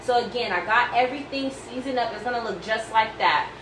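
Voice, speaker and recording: A woman's voice: on the high side, brisk, distant mic, background noise. Chatty woman cooking in an echoey kitchen. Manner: chatty, reassuring, calls viewers baby and girl. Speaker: cooking vlog host. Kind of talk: casual cooking demonstration. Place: home kitchen.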